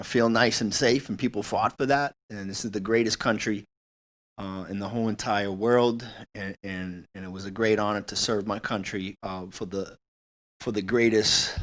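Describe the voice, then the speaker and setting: A man's voice: on the low side, fairly bright tone. A man with a Boston accent, a Marine veteran speaking earnestly and patriotically, with many fillers. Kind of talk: interview statement.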